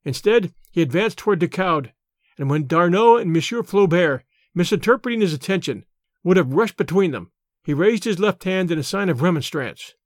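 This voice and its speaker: A male audiobook narrator tells the story in steady, clear, scripted narration. His voice sits high for a man. The sound is dry and close, with no room echo. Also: normal speed.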